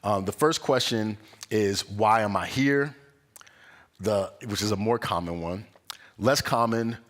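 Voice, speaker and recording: A young man giving a conversational sermon at a spiritual center, an animated storyteller who acts out the voices in his stories and laughs often. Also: lowish voice. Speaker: guest speaker at a spiritual center. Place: church sanctuary.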